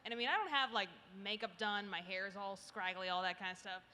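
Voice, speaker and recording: A woman's voice: medium pitch, a little fast, sharp tone. A woman telling stories on a convention panel in a casual, chatty way, full of fillers and restarts. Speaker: animation youtuber panelist. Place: large convention hall. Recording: distant reverberant hall, faint noise.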